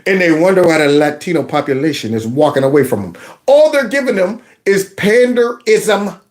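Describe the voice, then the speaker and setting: Man, commentary host, mocking, sarcastic, lively pitch. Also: moderate pace. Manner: mocking, sarcastic, laughing asides. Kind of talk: reaction commentary.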